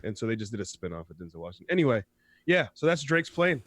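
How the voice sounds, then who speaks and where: A man's voice: mid-range voice, quick pace, no room sound, studio quality. A young man co-hosting a talk radio show, teasing his partner and swearing casually. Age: young adult. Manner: teasing, swearing, animated impressions.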